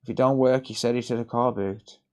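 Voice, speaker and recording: A man's voice: medium pitch, fairly even intonation, fairly quick, a little mellow. A British man hosting a live repair stream, rambling in casual chat, swearing and laughing a lot.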